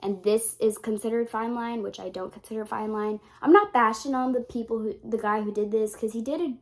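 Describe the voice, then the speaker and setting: A woman's voice: on the high side, fairly quick. A young woman talks casually to her vlog audience. She rambles from one thought to the next and swears freely. Her voice carries emotion, as if tears are never far away. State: tearful at times. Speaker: vlogger.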